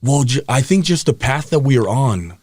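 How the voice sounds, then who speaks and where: A man's voice: medium pitch, animated, moderate pace, a little mellow, no room sound, studio quality. A man, a podcast guest, telling his personal story in a frank, rambling way with frequent restarts.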